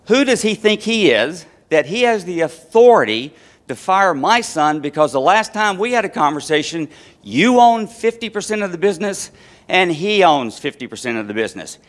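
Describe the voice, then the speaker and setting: An indignant sister-in-law accuses her brother-in-law of overstepping, her voice high and sharp with grievance, as a man puts her on in a story. She speaks as if the matter were plainly settled. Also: big pitch swings, normal speed. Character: indignant middle-aged sister-in-law questioning authority.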